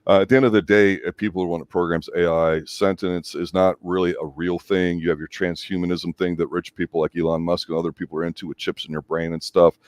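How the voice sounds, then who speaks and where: A man's voice: low voice, level tone, quick pace, hardly any pauses, no room sound. A man co-hosting a casual movie review show, giving his opinions in a lecturing way.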